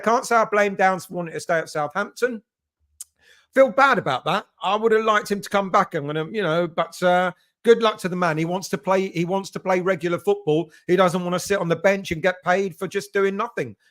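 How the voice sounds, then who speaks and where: Bloke from england running a fan live stream, fairly high voice, chatty, says mate a lot, lots of ums. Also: male voice, fairly bright tone. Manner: chatty, greets each viewer as mate, many fillers. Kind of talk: casual live-stream chat reading viewer comments.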